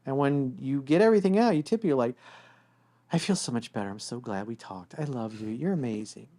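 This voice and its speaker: A man's voice: medium pitch, fast talker. Blunt man coaching on relationships. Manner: blunt, animated, acts out quoted voices. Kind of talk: casual advice talk.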